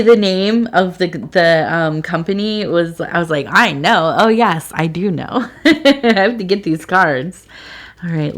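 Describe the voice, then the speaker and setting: Slow gravelly middle-aged woman, rambling. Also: medium pitch, fairly bright tone. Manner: rambling, meandering, with many fillers. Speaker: tea leaf reader, channel host. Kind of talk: casual spoken reading.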